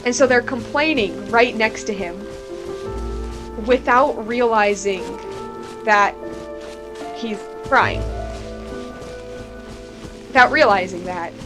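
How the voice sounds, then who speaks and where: A woman's voice: on the high side, slow pace, pauses often, over music. A woman streamer talking casually about a game, rambling and candid, filling her talk with "like". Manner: rambling and candid, heavy with "like" fillers.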